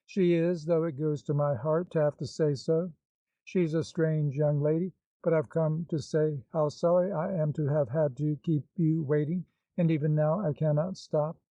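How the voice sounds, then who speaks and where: A man's voice: a little high, fairly even intonation, normal speed, dark tone, dry recording, close to an everyday voice. A man reading the part of an anxious, devoted older woman with a pleading, fretful manner, in a dull, dry recording.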